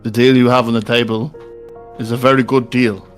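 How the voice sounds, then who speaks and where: A man's voice: medium pitch, level tone, fairly quick, faint music behind, natural voice. Man playing a smug bargaining devil god. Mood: scheming. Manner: silky, menacing dealmaker. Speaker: game master.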